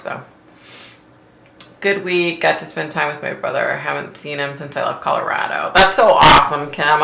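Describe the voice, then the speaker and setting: A middle-aged woman hosting a casual live stream, giggling often and greeting viewers by name in high squeals. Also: gravelly. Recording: roomy echo with faint noise.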